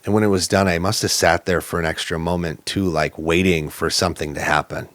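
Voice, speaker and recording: Brief: low-voiced man, plainspoken and earnest, dry close recording, personal storytelling. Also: steady tone, fairly quick, a bit bright, dry recording. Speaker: podcast guest.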